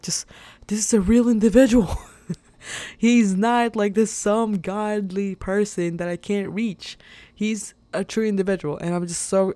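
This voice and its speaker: A woman's voice: mid-range voice, darkish tone, no echo. A young woman hosting a podcast, talking casually and motivationally with lots of fillers and frequent laughs. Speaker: podcast host.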